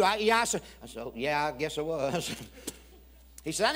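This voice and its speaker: A man's voice: high-pitched, big pitch swings, a little slow, pauses often, a bit bright. A man preaching a storytelling sermon in a church, folksy and humorous, acting out both sides of a conversation. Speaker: guest preacher. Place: church sanctuary.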